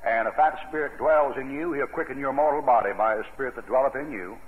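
A man's voice: mid-range voice, quick pace. A man preaching a sermon in a folksy, emphatic way. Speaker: pastor. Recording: tinny, echoey old radio broadcast.

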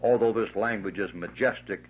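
A preacher mimicking a fussy pompous little scholar. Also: male voice, on the low side, moderate pace, slight background noise, natural voice. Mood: mocking. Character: pompous puny male Bible scholar, fussy. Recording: tinny lo-fi old tape.

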